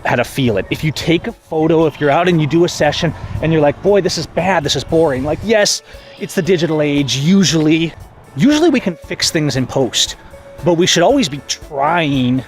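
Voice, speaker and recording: A man in his forties vlogging outdoors in a park, talking excitedly about photography and often restarting his phrases. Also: on the high side. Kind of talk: casual outdoor vlog.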